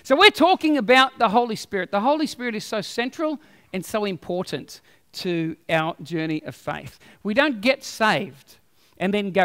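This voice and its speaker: A man preaching a sermon as a pastor, telling stories with animated humor. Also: sits high, moderate pace, smooth, long reverb tail.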